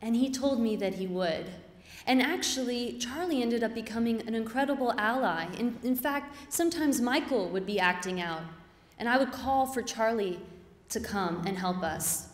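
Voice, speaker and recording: A woman's voice: on the high side, expressive, moderate pace. A woman giving an earnest, reflective personal story on stage before a live audience. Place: stage in a hall. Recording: reverberant hall.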